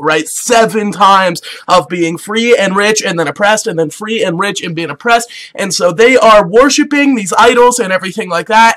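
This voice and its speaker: A young man with a high, bright voice retells an old tale as loose, slangy comedy. He keeps it animated and chatty and keeps jumping into voices for the characters he describes. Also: low-quality recording. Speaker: comedic storyteller.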